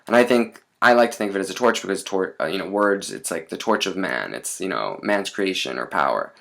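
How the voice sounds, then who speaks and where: A man teaching a lesson in a relaxed, chatty way, with many fillers and asides. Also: deep voice, fairly quick, vocal fry.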